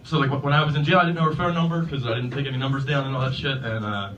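A man's voice: medium pitch, steady tone, rapid-fire, a bit bright. A man guesting on a podcast, telling rambling, profane stories in a laid-back way. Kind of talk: casual storytelling. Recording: dull, distant mic with faint noise.

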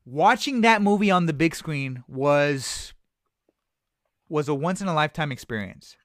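A man's voice: on the high side, a little slow, dry recording, clean studio sound. A man co-hosting a movie podcast, chatting casually and emphatically, repeating his points. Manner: animated, emphatic, repeats phrases. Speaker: podcast co-host.

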